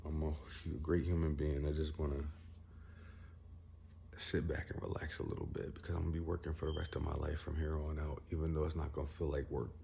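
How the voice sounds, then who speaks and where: A young man with a deep, mellow voice vents straight into his phone at home. He rambles, boasts about himself and swears as he goes. Faint room noise hums behind him. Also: level tone, brisk, vocal fry. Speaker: vlogger. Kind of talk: casual venting monologue.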